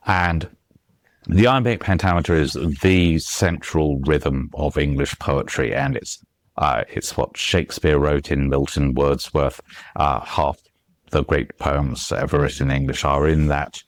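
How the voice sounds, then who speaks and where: A man's voice: very deep voice, measured pace, no room sound. A man being interviewed as a guest author, explaining at length with frequent fillers and restarts, reciting lines of verse and tapping out their rhythms. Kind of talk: conversational podcast interview.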